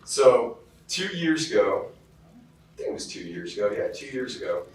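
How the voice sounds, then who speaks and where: A Californian man delivers a motivational keynote, telling stories casually with lots of fillers. His medium-pitched voice is very animated and moves at a normal speed. He's heard from far off in a very echoey hall.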